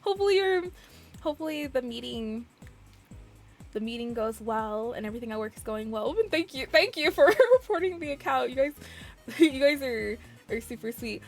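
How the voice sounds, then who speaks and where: A young woman chats casually with her live-stream viewers through a desk microphone. Her voice sits high, and she gushes, giggles and restarts her sentences. Faint music plays underneath. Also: expressive, moderate pace. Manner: bubbly, gushing, frequent giggles and restarts. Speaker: variety streamer.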